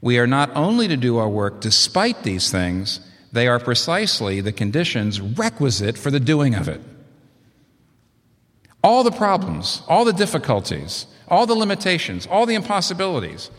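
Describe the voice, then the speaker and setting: Animated male preacher in a reverberant hall. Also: mid-range voice, normal speed. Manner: animated, conversational preaching with asides and fillers. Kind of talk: sermon.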